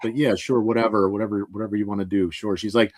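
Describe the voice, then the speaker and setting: A man from Pennsylvania telling a rambling, animated story in a casual podcast interview, laughing often and acting out what people said. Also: fairly low pitch, quick pace, dry recording. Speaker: moving company owner, guest.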